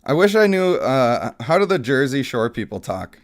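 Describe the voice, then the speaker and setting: Very animated and talking at normal speed, this mid-range male voice belongs to a mobile gaming channel host. He keeps things casual, laughing frequently, poking fun at himself, and throwing in snippets of dramatic reading.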